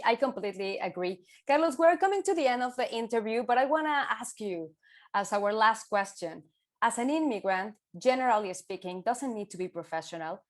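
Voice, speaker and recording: A woman with a Latin American Spanish accent, Spanish her first language, hosting an interview in an affirming, conversational way. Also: a little high. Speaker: podcast host.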